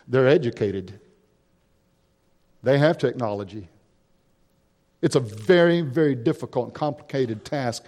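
A man's voice: medium pitch, a little mellow, big-room sound. A man preaching a missionary sermon, mixing statistics with stories and building emphasis on key points. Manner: storytelling with statistics, rising emphasis.

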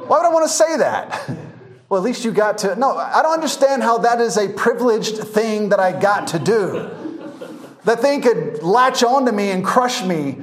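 A man's voice: sits high, moderate pace. A man teaching a verse-by-verse Bible class, telling funny stories with frequent laughter. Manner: laughing storyteller, animated anecdotes.

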